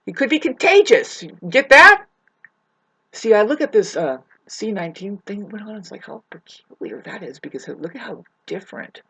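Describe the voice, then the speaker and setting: A woman's voice: medium pitch, very animated, moderate pace, bright, forceful tone, slightly rough. A woman ranting to her viewers in a loose, profane monologue. She rambles, restarts her sentences and calls her listeners "babe". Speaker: vlogger. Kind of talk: rambling spoken rant to camera.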